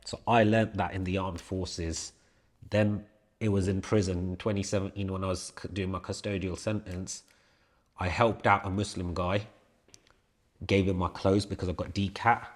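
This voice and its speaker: Deep-voiced blunt man. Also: fairly even intonation, normal speed. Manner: blunt, swears freely, emphatic repetition. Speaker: podcast co-host. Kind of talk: casual storytelling chat.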